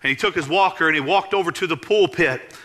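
Bright-voiced man preaching a story. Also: fast. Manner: animated, rising to exclaim at high points. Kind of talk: sermon storytelling.

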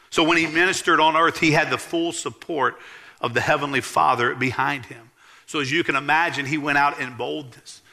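A man, preaching a sermon as pastor in a church, earnestly emphatic and dropping low to tell stories. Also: sharp tone. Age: 40s.

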